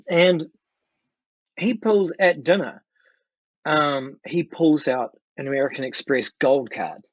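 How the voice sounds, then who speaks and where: Kiwi guy, middle-aged, telling a story all animated, dry flat room sound. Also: a little high, takes it slowly, pauses often, husky, dry recording, lo-fi sound. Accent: New Zealand. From New Zealand. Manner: lively, animated storytelling with swearing. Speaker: guest musician. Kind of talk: casual storytelling.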